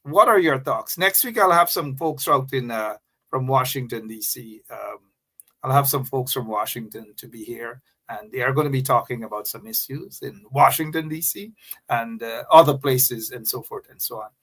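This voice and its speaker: A man's voice: medium pitch, moderate pace, bright, forceful tone. A man with a Guyanese accent hosting a live radio talk show, talking straight to his listeners with emphatic, repeated phrases.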